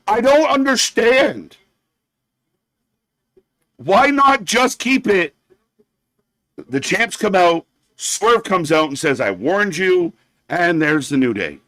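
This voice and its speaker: Man, fairly high voice, dry close mic; blunt, sarcastic wrestling stream host, swears a lot, heated rants. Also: big pitch swings, slow pace, pauses often, a bit bright, no room sound. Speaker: live-stream wrestling commentator. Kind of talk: profane ranting watch-along commentary.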